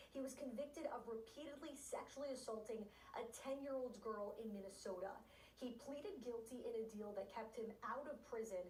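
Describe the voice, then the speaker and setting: A woman delivering a broadcast news report in a measured, reading manner. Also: fairly high pitch, a little mellow, slight background noise. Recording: roomy clip from a distance.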